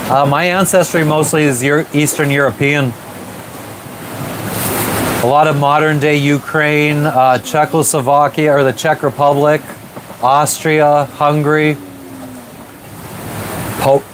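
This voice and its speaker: Brief: male sailing vlogger, loose rambling live-chat delivery, slightly high voice, noisy ocean wind and waves behind. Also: measured pace, pauses often. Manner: relaxed, rambling, eating while talking. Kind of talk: casual live stream chat. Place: sailboat at sea. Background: waves and boat noise.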